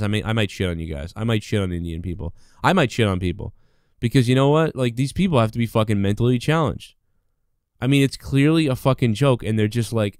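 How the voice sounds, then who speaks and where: A man's voice: on the low side, darkish tone, no room sound. Rambling, profane man with a dry sound. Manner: profane, rambling, indignant, full of fillers. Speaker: podcast host. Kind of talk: solo rant.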